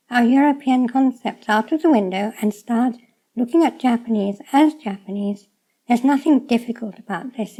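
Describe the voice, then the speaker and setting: Female teacher, voice a little high and soft-toned, patient and methodical. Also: low-quality recording. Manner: calm, methodical, emphatic on key points. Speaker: language teacher. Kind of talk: explanatory online lesson.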